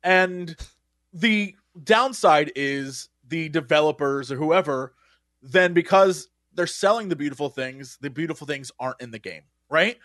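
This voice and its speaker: A man co-hosting a casual podcast, his voice pitched high and swinging widely up and down. He tells stories with animation and laughs often. The sound is dry and close. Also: lively intonation, measured pace, fairly bright tone, no echo. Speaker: podcast co-host. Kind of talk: casual chat.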